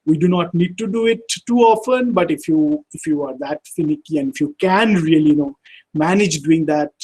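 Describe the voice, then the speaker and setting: A man giving an online software tutorial, speaking haltingly with frequent fillers. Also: a little high, rough recording. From India. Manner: halting, many fillers like "uh" and "you know". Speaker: workshop instructor.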